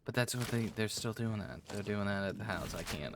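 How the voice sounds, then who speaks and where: A man hosting a let's play, rambling through casual gameplay commentary with animated, profane storytelling. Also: lowish voice, a little fast, background noise.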